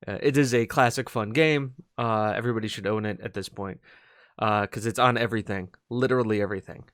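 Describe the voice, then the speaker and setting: A man's voice: on the low side, steady tone, fairly quick, a bit bright, dry recording, clean studio sound. Rambling man on a gaming podcast. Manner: rambling, hesitant, many fillers and restarts. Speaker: podcast co-host. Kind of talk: casual gaming podcast chat.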